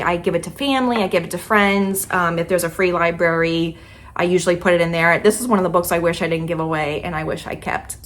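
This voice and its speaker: Young woman talking books, kinda low voice, lots of "like"s, casual vlog chat. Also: slight background noise. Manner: chatty, many "like" and "kinda" fillers. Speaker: book vlogger. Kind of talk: casual book review chat.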